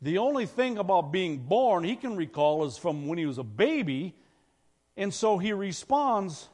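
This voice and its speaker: A man's voice: sits high, big pitch swings, a little slow, darkish tone. A man preaching a sermon as pastor, talking conversationally and putting questions to the congregation. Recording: long reverb of a church hall.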